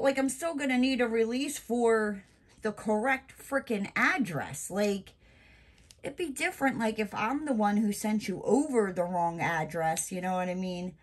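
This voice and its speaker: A woman's voice: medium pitch, unhurried. Woman venting while she crafts, emphatic and fed up, says "like" a lot. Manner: ranting, exasperated, emphatic; lots of fillers like "you know" and "like". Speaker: crafting vlogger. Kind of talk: casual chat while crafting.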